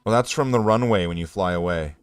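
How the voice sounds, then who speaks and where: A man's voice: on the low side, fairly quick. A man casually chatting while painting miniatures, rambling and joking at his own expense. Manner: rambling, joking, self-deprecating. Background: faint guitar music.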